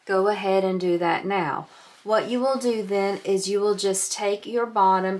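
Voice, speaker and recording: Calm woman teaching a sewing tutorial. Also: medium pitch. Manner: calm, patient, walks through each step. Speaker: sewing instructor.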